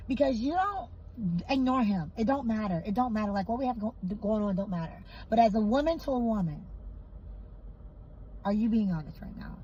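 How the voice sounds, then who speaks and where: A woman telling a personal story in a casual storytime, emphatic and animated, repeating phrases for effect. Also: medium pitch, fairly quick, dull audio, a little hiss or hum.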